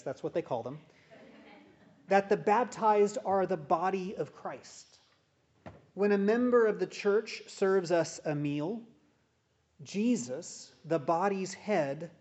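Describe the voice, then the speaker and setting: A man with a high voice delivers a sermon, slow and measured, leaning on pauses for emphasis. The recording is dull and muffled. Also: a little mellow. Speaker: pastor.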